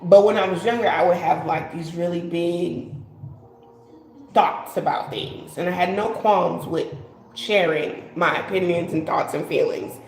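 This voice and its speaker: A woman's voice: on the low side, unhurried, darkish tone, reverberant, a little hiss or hum, rough recording. A woman giving a casual live-stream tarot reading, rambling and repeating herself, often saying "like". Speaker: tarot card reader.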